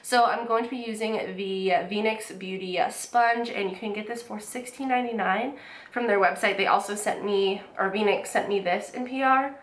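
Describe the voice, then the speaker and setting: A woman's voice: medium pitch, normal speed, reverberant. Nasal young woman with a cold. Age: young adult. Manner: chatty, rambling with restarts and "like". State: stuffy nose from a cold. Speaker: beauty vlogger. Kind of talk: casual makeup tutorial chat.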